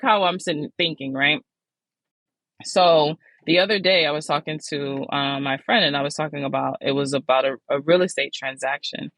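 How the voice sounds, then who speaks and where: A woman in her forties hosts a solo podcast, talking candidly and casually and swearing freely. Her pitch jumps up whenever she gets animated, and the rough recording has no echo.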